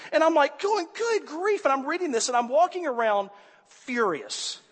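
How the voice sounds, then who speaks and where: Male pastor, sermon storytelling, high voice, long hall reverb, animated. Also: normal speed. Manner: animated, swings from quiet to loud exasperation.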